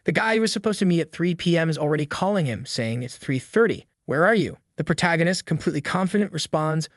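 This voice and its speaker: A man's voice: on the high side, no echo, studio quality. Wry man narrating a comic recap. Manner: wry, joking asides to viewers. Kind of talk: scripted story recap narration with asides.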